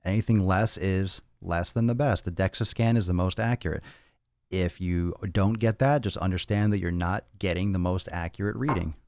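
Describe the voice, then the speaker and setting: A man's voice: low-pitched, normal speed, darkish tone, no room sound, clean studio sound. A man hosting a casual fitness podcast and answering viewer questions bluntly, with profanity and lots of repeated, rambling phrasing. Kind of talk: casual livestream Q&A.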